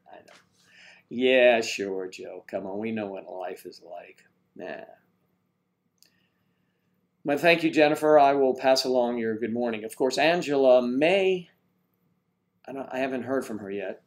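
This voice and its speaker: A man hosting a casual live stream, rambling and joking as he greets viewers and reads their comments aloud. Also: mid-range voice.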